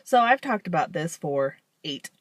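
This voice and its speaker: In a casual confessional vlog, a woman rambles frankly to the camera, letting out weary laughs at her own expense. Her voice is low with big swings in pitch, her delivery unhurried, and there's no echo.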